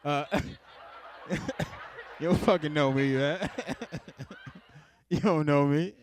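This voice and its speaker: A man's voice: fairly high pitch, sing-song, a little slow, no echo. Laid-back man doing stand-up, dry close sound. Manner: laid-back, laughs at his own jokes. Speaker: stand-up comedian. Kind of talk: stand-up comedy set.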